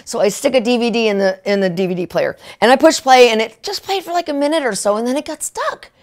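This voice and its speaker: Excited woman preacher, higher voice. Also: fast. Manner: excitable storytelling, frequent "right?" and "okay?"; laughs often mid-sentence. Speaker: minister. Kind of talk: testimony sermon.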